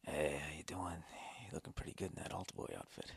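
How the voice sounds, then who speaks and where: A man putting on a creepy, leering male priest in a breathy whisper. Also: a bass voice, steady tone, fast, dry recording, studio quality, pitched below the performer's own voice, exaggerated voice.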